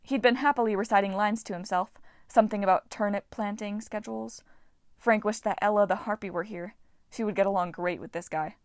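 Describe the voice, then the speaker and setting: A woman reading a novel aloud with steady, even narration. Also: medium pitch, fairly quick, no room sound, studio quality. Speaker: audiobook reader.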